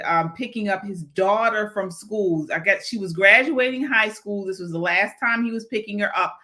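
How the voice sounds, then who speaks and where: A chatty woman co-hosting a live talk show, reading out viewer comments in a loose, conversational way. Her voice sounds bright and forceful. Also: mid-range voice. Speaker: show co-host. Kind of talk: casual political talk show.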